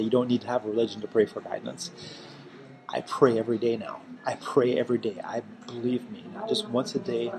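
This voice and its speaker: A man talking earnestly and emphatically in a personal self-help vlog, repeating himself for emphasis. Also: mid-range voice. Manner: heartfelt, emphatic and repetitive.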